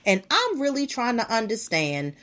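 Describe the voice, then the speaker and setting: A woman's voice: fairly high pitch, wildly swooping pitch, normal speed, a bit bright. A woman hosting a podcast in a casual monologue, ranting bluntly and swearing freely. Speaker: podcast host.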